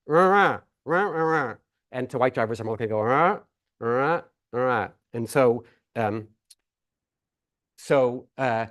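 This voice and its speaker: A man delivering a plenary lecture in a lecture hall. He talks in a relaxed, conversational way, often pausing on fillers and restarting his sentences. His voice sits at an ordinary middle pitch. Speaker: plenary speaker. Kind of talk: academic conference talk.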